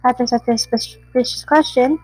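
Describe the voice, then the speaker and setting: A woman's voice: sits high, fairly even intonation, fairly quick, a little mellow, husky, dry recording, faint music behind, poor audio. A woman doing a boastful goofy skeleton. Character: boastful loud skeleton man, proud and goofy.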